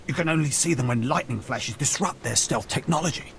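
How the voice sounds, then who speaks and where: A paranoid, intense male army captain from a sci-fi video game. He speaks in an urgent, insistent way and sneers at the enemy. The voice sits at an ordinary middle pitch. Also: fairly quick, vocal fry, a bit bright, slight background noise. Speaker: game character.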